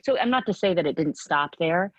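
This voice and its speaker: As a guest in a candid interview, a middle-aged woman talks earnestly and a little fast, her lowish voice expressive and somewhat bright. Her sentences tumble with restarts, and she performs remembered lines from her past. A little hiss or hum runs under the recording.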